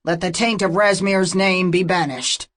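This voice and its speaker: A woman reading the lines of a stern half-orc warrior in an audiobook, speaking in forceful, commanding proclamations. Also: lowish voice, fairly even intonation, measured pace, close to an everyday voice.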